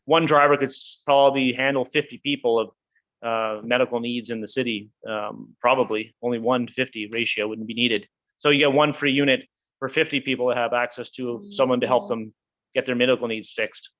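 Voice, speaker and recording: A man from Canada talks as a guest, animated and full of restarts as he tells his stories. His voice sits at an ordinary pitch. The sound is a little dull and lo-fi. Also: brisk. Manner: animated storyteller, many restarts. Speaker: guest, housing builder. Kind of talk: casual interview talk.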